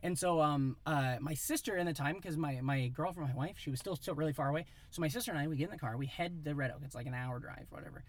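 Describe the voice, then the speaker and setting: A man in his thirties from Iowa, telling a rambling, animated story in a casual chat. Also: fairly high pitch, fast, few pauses. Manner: animated, rambling, acts out voices in quotes.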